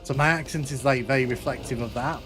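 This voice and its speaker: A man with a northern English accent, from the area between Manchester and Liverpool, talks casually as he streams a game and answers his viewers. His pitch sits in the middle range. Faint game music plays underneath. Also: fast talker. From northern England. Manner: chatty, reading and answering viewer comments. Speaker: gaming streamer.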